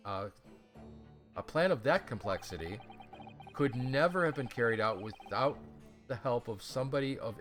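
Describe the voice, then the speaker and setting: A man voicing a cold, menacing male prosecutor who speaks in a measured, threatening way. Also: medium pitch, fairly bright tone.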